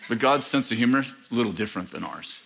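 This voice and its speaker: An American pastor preaches a sermon in a large church auditorium, telling a story with laughter and acting out the voices of its characters. His voice is medium-pitched, quick, a bit bright and slightly rough, with vocal fry.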